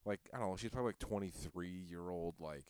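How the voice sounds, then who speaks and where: Podcast host, young Midwestern man, low smooth voice, crude storyteller. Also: fairly quick, darkish tone, dry recording, studio quality. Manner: crude, profane storytelling with many fillers. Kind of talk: casual podcast chat.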